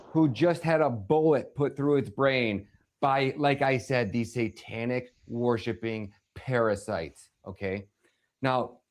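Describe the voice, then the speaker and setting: Male streamer, mid-pitched, angry nonstop cussing rant with loud flare-ups. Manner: furious, swearing constantly, shouting in bursts. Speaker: livestream host. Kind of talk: angry profane political rant.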